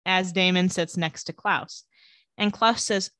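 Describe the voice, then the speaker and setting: A woman co-hosting a podcast goes over a TV episode in a relaxed chat, slipping into playful character voices. She talks slowly yet very animatedly, her mid-range voice a bit bright, recorded without echo.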